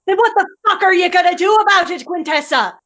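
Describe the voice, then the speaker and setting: A woman's voice: very high-pitched, fast talker, fairly bright tone. A woman in a tabletop role-play, describing her character's actions and scolding another character in a stern, profane voice. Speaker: player voicing Curling.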